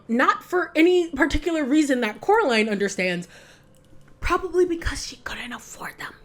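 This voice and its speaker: A young woman talks casually to camera about a film, in a rambling, giggly way. She fills her sentences with "like" and drifts between thoughts. Her voice sits at an ordinary middle pitch. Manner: rambling, giggly, heavy use of "like". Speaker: vlogger reacting to a film. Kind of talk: casual chat.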